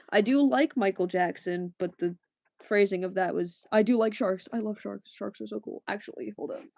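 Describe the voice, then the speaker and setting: A woman's voice: medium pitch, moderate pace, vocal fry, darkish tone, dry recording. A woman livestreaming, chatting casually and rambling as she answers her chat, often laughing.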